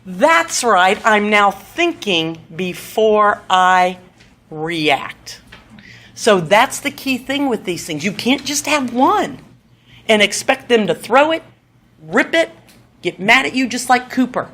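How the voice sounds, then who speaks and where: A woman presenting at a seminar, teaching in a lively way that often checks in with "okay?" and acts out things said to children. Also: mid-range voice, slow pace. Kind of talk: lively teaching talk to an audience.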